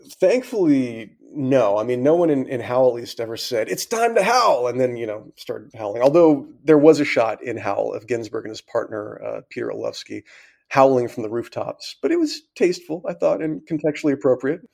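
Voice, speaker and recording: A man co-hosting a podcast who speaks in a dry, wry and measured way. His mid-pitched voice is gravelly and husky, with a rough edge on most phrases. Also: animated, dark tone. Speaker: podcast co-host. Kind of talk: casual discussion.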